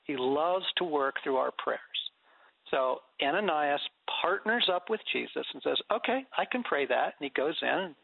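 A middle-aged man with a raised, gravelly, husky voice tells stories about prayer, laughing as he goes. He sounds dry and thin, as if heard over a phone line on the radio. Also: a little high, normal speed, no echo. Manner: animated storyteller, laughs often. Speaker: guest author on prayer. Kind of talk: conversational faith interview.

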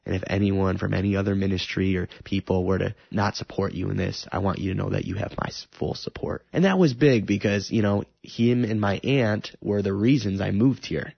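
A man's voice: low-pitched, brisk, gravelly, few pauses, slightly rough, dry recording, highs cut off. A man sharing an earnest, emotional personal testimony about faith and love.

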